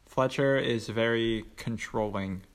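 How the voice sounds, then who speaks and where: A young man co-hosting a podcast, chatting about a film in a relaxed way and often agreeing with his co-host. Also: mid-range voice, slow. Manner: laid-back, lots of agreeing "yeah". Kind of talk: casual film discussion.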